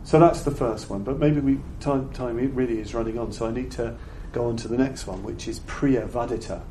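Older man giving a halting dharma talk in an echoey room. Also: medium pitch, mellow. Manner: halting and thoughtful, often repeating words as he searches for phrasing. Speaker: Buddhist teacher giving a talk. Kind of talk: reflective dharma talk to an audience. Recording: roomy echo with faint background noise.

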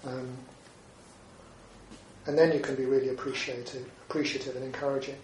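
A man's voice: mid-range voice, level tone, fairly quick, darkish tone, slight background noise. A man, a Buddhist teacher giving a talk, speaking conversationally and often closing points with questions like "isn't it?". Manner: conversational, with frequent tag questions. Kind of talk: dharma talk. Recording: roomy echo, distant mic, faint ambience.

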